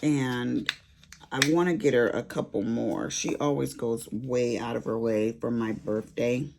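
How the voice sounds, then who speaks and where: A woman's voice: extremely low pitch, steady tone, a little slow, creaky, background noise. A woman chatting casually while she does a craft on camera, sassy and rambling as she tells stories. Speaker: crafting vlogger. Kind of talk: casual chat while diamond painting.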